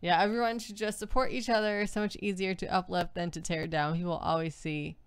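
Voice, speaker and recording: Laid-back female co-host with a lower voice, reads chat aloud between laughs. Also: brisk, clean tone, dry recording. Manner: relaxed, laughs often, reads out viewer comments. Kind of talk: casual livestream chat.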